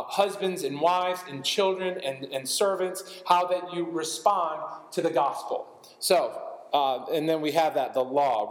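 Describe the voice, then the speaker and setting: A man's voice: fairly high pitch, echoey room, big-room sound, rough recording. A man preaching a sermon, walking through scripture passages and adding light asides as he reads. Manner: expository, reading scripture aloud with asides. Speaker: pastor.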